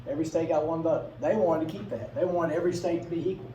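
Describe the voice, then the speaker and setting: A man's voice: a little high, steady tone, dark tone, muffled recording. Casual male teacher in an echoey classroom. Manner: conversational, asks the class questions, acts out quick bits in funny voices. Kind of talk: classroom lecture. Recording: echoey classroom from a distance, faint room noise.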